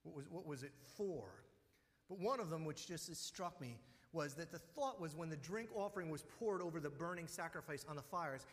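A man preaching a sermon as pastor, talking conversationally and telling personal stories. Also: a little high. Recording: long hall reverb.

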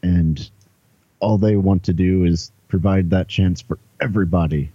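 Player: deep, dark-toned man, husky, dull dry recording. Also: steady tone, normal speed, no echo. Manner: earnest, persuasive, with some hesitation. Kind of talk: in-character tabletop role-play.

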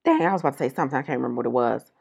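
A woman, co-hosting a casual chat and telling animated stories. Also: very deep voice, racing, gravelly, breathy edge. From Detroit. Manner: animated storytelling, acts out quotes. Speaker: podcast co-host.

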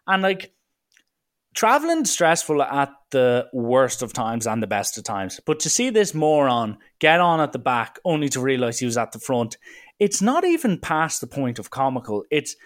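An Irish man tells a story at a plain middle pitch, casual and animated. He sounds exasperated and mocking, and swears now and then as he rants. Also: normal speed. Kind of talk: casual anecdotal rant.

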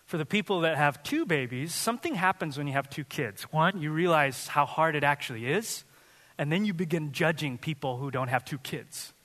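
A man preaching a sermon, loose and conversational, often breaking into laughter. His voice is high and bright, and it rings through a large hall with a long echo. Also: expressive. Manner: conversational and joking, with quick laughs. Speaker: pastor. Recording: reverberant hall.

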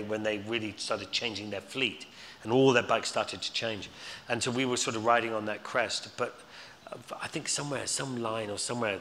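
A man's lowish, sharp-toned voice comes through with a little hiss or hum, live hall reverb, and faint ambience. He's a guest at a live Q&A on a hall stage before an audience, telling anecdotes in a rambling way with many restarts and repeated words.

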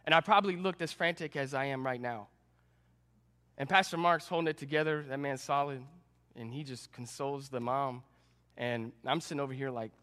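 A young adult man, a student pastor, preaching a sermon and telling a personal story with animated, self-deprecating humor. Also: medium pitch, brisk. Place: church sanctuary. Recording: long reverb in a church hall.

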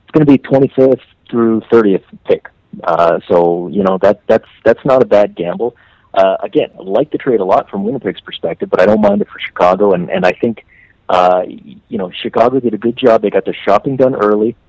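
A man from Canada talking hockey on a podcast, animated and full of restarts, his pitch leaping on stressed words. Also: brisk, no room sound, highs cut off. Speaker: hockey writer guest. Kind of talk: casual podcast chat.

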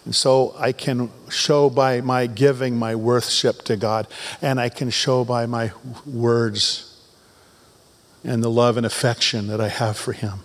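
A man's voice: medium pitch, level tone, measured pace. A man preaching a sermon to his congregation, reading scripture with rising fervor and tossing in joking asides. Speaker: pastor. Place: church sanctuary.

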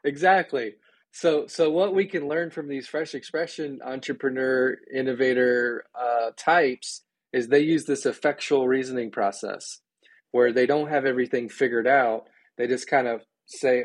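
A mid-pitched man talks eagerly as a podcast guest and often slips into the voices of the people he quotes. His recording is dry and close, with no room sound. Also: fairly even intonation, moderate pace, no room sound. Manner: enthusiastic, acts out quoted voices. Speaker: podcast guest, church ministry director. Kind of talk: conversational interview.

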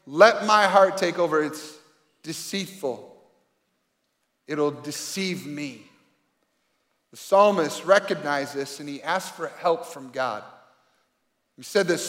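High-voiced pastor preaching in a hall. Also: male voice, slow, pauses often, fairly bright tone. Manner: earnest, conversational preaching with rhetorical questions. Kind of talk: sermon. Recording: reverberant hall.

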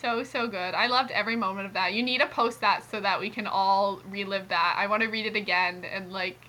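A woman's voice: mid-range voice, steady tone, brisk, sharp tone, low-quality recording. A woman gushing enthusiastically about a friend's story in casual chat, laughing often. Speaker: podcast co-host.

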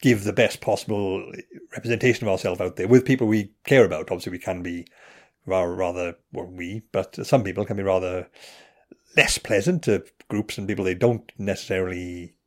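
A man's voice: deep voice, steady tone, fairly quick, darkish tone. A Welsh man in his thirties chatting casually as a podcast co-host, rambling with frequent restarts and chuckles. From Wales. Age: 30s. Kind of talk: casual chat.

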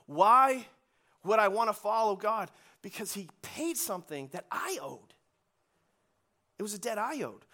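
High-voiced man preaching a sermon. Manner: animated preaching with audience call-and-response and rising emphasis. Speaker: pastor. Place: church sanctuary.

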